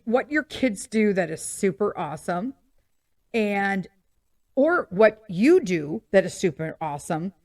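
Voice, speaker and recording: A woman's voice: mid-range voice, no room sound, clean studio sound. A woman hosting a podcast, chatting casually about parenting and often checking in with listeners with "okay?". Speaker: podcast host.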